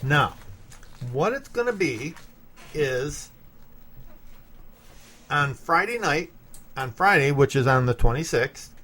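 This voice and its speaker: A man's voice: on the high side, animated, slow pace, long pauses, sharp tone. Playful male podcast co-host. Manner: playful, guessing and joking, reads news announcements. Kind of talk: casual podcast banter.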